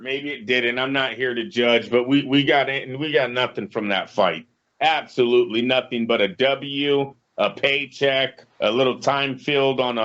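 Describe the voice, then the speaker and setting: A man's voice: mid-range voice, fairly bright tone. A man co-hosting a casual boxing podcast, giving blunt, profane opinions. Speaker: podcast co-host. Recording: lo-fi podcast audio.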